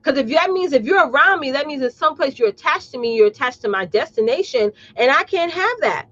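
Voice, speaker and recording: A woman's voice: sits high, animated, brisk, a bit bright, muffled recording. A woman business coach hosting a live talk, blunt and sassy, calling her audience y'all and preaching about mindset. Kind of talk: live streamed motivational talk.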